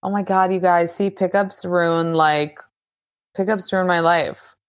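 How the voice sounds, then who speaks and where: Chatty woman guest, lower voice. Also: fairly even intonation. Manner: chatty, quick questions, lots of "like" and "you know". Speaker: podcast guest and fellow podcaster. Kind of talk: casual chat.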